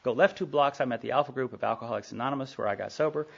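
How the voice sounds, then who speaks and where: A middle-aged man speaks to a recovery meeting with a gravelly edge in his voice. He tells his own story candidly and casually, full of asides. The sound is a dull, lo-fi tape of a live talk. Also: mid-range voice, very fast. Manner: candid storytelling with frequent asides and acted-out dialogue. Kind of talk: personal recovery story told to a group.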